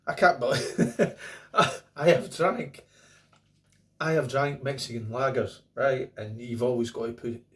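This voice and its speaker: A middle-aged man from Scotland, speaking with a Scottish accent in a mid-range, slightly bright voice, talks his way through a beer review to camera. It's a casual monologue, chatty and rambling, full of jokey asides.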